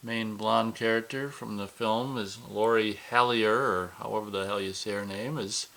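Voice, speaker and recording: Male co-host, bright and edgy tone, rambling casual reviewer who jokes and corrects himself. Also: lowish voice, steady tone, normal speed, gravelly, low-quality recording. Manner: rambling, self-correcting, joking. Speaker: podcast co-host.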